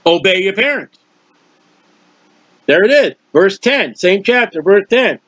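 A man's voice: sits high, very animated, a little slow, a bit bright, no room sound. An older man preaching a sermon, earnest and folksy, rambling and acting out prayers as he goes. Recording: dull, lo-fi recording.

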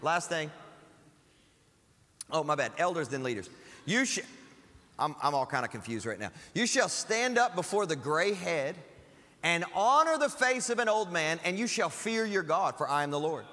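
High, bright-voiced pastor preaching in a hall. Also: male voice, lively intonation, normal speed. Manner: emphatic, conversational preaching with asides. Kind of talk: sermon. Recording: church hall with long reverb and faint music.

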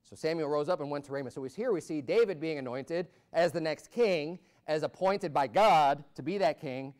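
An American man preaching a sermon as pastor, swinging from loud, rising peaks to low asides. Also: moderate pace. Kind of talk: fiery Baptist sermon.

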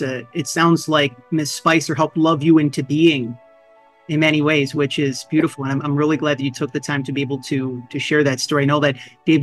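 A man hosting an interview, speaking in a measured, appreciative way. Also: a little high, a bit bright, dry recording. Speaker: podcast host. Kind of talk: interview host.

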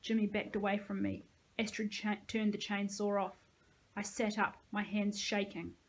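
Female teacher, novel read-aloud, steady plain delivery, mid pitch. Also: normal speed.

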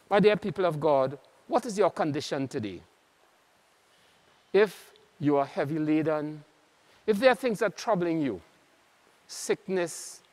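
A man with a Trinidadian accent, a priest preaching an earnest, measured sermon with many pauses. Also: a little high, a little mellow. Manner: earnest, measured, pausing often. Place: large church. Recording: long church reverb.

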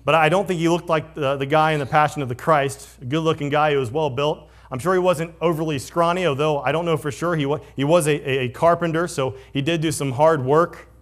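A male pastor preaching a conversational sermon, moving between lively storytelling and hushed, solemn passages. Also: a little high, fairly quick, few pauses.

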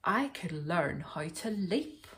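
A woman's voice: lowish voice, big pitch swings, slow, roomy sound, heavily acted. A woman voicing a lonely, timid young male bear in a storybook reading, wistful and stammering when scared.

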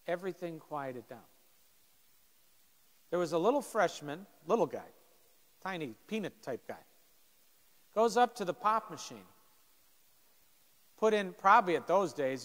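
Man in his 50s, pastor, animated storytelling, acts out voices, fairly high voice, long reverb. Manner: animated storyteller acting out voices, punchy short phrases. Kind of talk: storytelling talk to teenagers.

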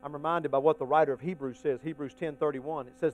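Brief: high-pitched male pastor, folksy delivery, alternates quiet asides with loud emphatic preaching. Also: steady tone, fast talker, hardly any pauses, slight background noise, poor audio. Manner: folksy, addresses the congregation as y'all. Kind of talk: sermon.

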